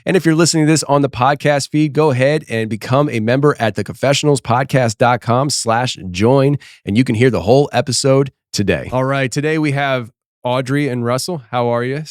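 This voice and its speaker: Chatty podcast host man, smooth voice. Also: mid-range voice, fairly quick, no echo, studio quality. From Philadelphia. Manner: chatty, laughs often, repeats and restarts. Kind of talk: casual interview chat.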